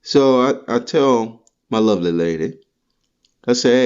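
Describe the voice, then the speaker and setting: A man's voice: medium pitch, animated, unhurried, a little mellow, clear, resonant tone, highs cut off. A man hosting a podcast, delivering a rambling, profane comedic monologue full of crude rants. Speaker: podcast host.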